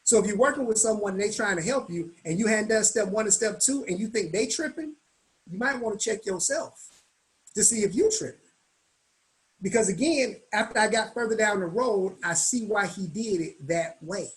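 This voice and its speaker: A man speaking as a guest at a business meetup, telling stories in a lively, colloquial way and acting out the voices of the people in them. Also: high voice, moderate pace, low-quality recording. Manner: animated, colloquial, acts out quoted voices. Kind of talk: storytelling in a business meetup talk.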